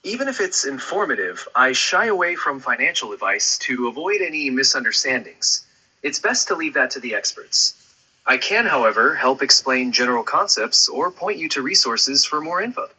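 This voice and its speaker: Male AI assistant, very bright and breathy, upbeat chat. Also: medium pitch, big pitch swings, moderate pace, low-quality recording. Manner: smooth, friendly and upbeat, ends turns with questions. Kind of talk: conversational AI chat.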